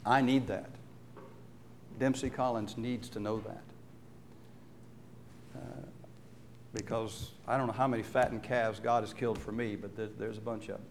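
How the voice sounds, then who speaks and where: A man preaching a sermon, telling a Bible story with lively acted-out quotes and rhetorical questions to his listeners. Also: on the low side, normal speed, vocal fry, long pauses, a little hiss or hum.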